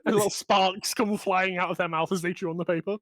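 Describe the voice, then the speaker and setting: A man's voice: sits high, flat delivery, fast, a bit bright, no room sound. A man narrating as game master in a tabletop game, loose and giggly, full of fillers.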